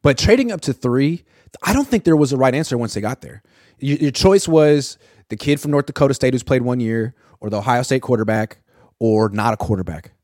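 A man's voice: medium pitch, animated, darkish tone, no echo. Emphatic male sports host, dry sound. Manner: emphatic, rapid interjections of agreement. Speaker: podcast host. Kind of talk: casual sports talk.

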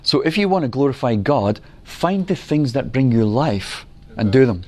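A middle-aged man preaching a sermon, earnest and unhurried, telling stories and acting out quotes. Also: mid-range voice, animated, a little mellow.

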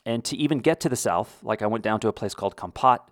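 A middle-aged man from the United States, hosting a podcast, speaks quickly in a lowish, somewhat bright voice. Recorded dry at studio quality, his casual monologue rambles slightly and has restarts.

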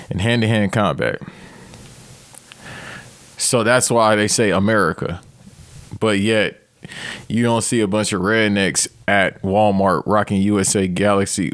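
A man's voice: on the low side, no room sound. A man in his thirties ranting loosely and profanely as a podcast host, with sudden outbursts. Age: 30s. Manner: profane, rambling, animated outbursts. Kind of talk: comedic rant.

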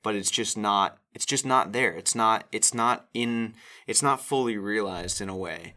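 A man's voice: lowish voice, unhurried, bright, forceful tone. Congested man rambling opinions. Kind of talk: casual chat.

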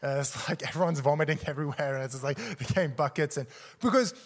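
A man's voice: fairly high pitch, quick pace. A man preaching in a church service, telling a story and acting out the people in it with gasps and laughs. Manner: animated, acts out quotes with gasps and laughs. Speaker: guest preacher. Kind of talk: sermon storytelling.

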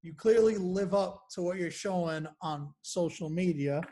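A woman's voice: lowish voice, a little slow, dark tone. A woman hosting a podcast, asking questions casually with hesitations and filler words. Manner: casual, hesitant, uses like and you know. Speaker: podcast host.

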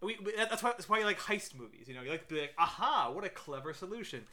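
Bright-voiced man rambling about a movie. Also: high-pitched, lively intonation, fast talker. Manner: rambling, lots of fillers. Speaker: podcast co-host. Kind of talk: casual movie review chat.

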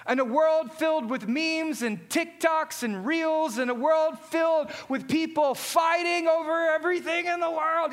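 A male pastor preaching a sermon, emphatic, repeating refrains and dropping his voice low for key lines. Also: normal speed, a bit bright.

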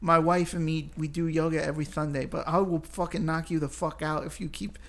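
Casting: man doing a high, gentle-voiced tough boxer, gravelly edge. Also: fairly even intonation, brisk. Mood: mock gentle. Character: impression of a famous boxer, soft-spoken tough man.

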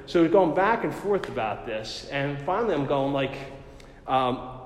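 A man's voice: fairly high pitch, very animated, normal speed. Chatty New man in a roomy hall. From New Jersey. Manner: chatty, self-deprecating, with many fillers. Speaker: storyteller. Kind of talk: personal faith story. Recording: roomy with long reverb.

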